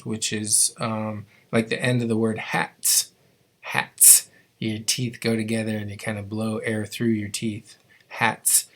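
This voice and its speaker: A man teaching a live online language class, explaining sounds patiently and step by step. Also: lowish voice.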